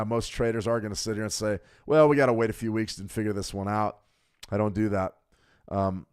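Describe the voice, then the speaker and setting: Male trading-stream host, lowish voice, throat a little choked, chatty coaching delivery. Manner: conversational, coaching, talks to viewers directly. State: throat a bit choked up from smoke. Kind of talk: live market commentary.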